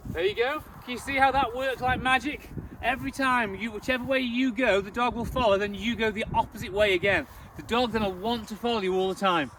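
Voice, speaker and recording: A man's voice: extremely high pitch, a little fast, fairly bright tone, recorded from a distance, a little hiss or hum. A man who trains dogs, giving a casual step-by-step training demonstration and chatting as he moves around a cold field. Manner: chatty, repeats words, gives commands to the dog. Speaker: dog trainer.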